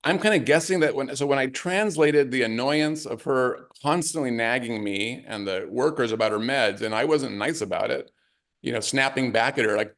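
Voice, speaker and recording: A man's voice: medium pitch, a bit bright. Reflective man, a caregiver being interviewed. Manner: reflective, halting, many restarts. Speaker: author and family caregiver, interview guest. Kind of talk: conversational interview.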